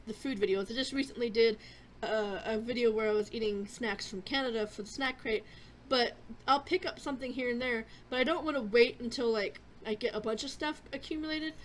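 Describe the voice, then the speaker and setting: A young adult woman talks casually on her gaming channel, her voice a touch high. She rambles and restarts her sentences, with lots of fillers. A faint hiss of noise sits behind her. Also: brisk. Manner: chewing a cough drop. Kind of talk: casual gaming vlog chat.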